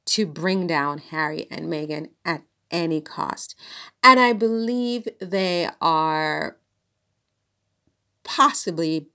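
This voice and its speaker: A woman's voice: lowish voice, fairly bright tone. A woman vlogger in a rambling, hesitant monologue, full of fillers and restarts, speaking directly to the person she discusses. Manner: addresses her subject directly. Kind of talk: casual monologue to camera.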